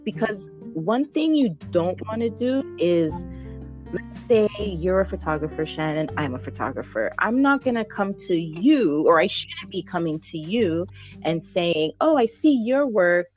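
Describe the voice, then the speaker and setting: Guest spot: young adult woman with a lowish voice, chatty and animated, faint music under her. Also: measured pace. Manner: chatty, animated, laughs often, frequent ums. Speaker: newborn photographer, guest. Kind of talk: casual podcast interview.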